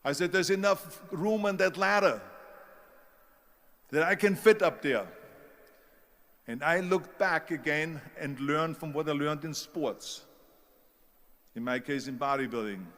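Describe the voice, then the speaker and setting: A man's voice: fairly high pitch, fairly bright tone. Emphatic German-accented man in a reverberant hall. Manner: emphatic storytelling. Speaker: speaker. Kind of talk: motivational speech.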